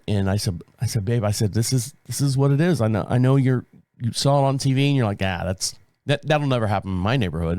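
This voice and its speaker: A man's voice: fairly high pitch, no room sound, clean studio sound. A middle-aged man hosting a podcast, telling a casual rambling story with chuckles and repeated phrases. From United States. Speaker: podcast host.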